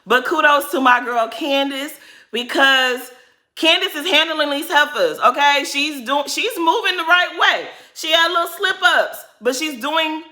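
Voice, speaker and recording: A woman's voice: sits high, a little slow, sharp tone. A woman giving a casual, blunt and sassy recap of a reality show, with plenty of cursing.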